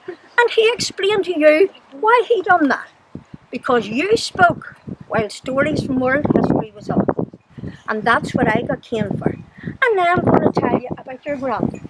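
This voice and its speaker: High-voiced older Northern Irish woman. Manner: chatty storyteller, laughs often. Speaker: storyteller to children. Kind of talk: recounting childhood memories. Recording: noisy background.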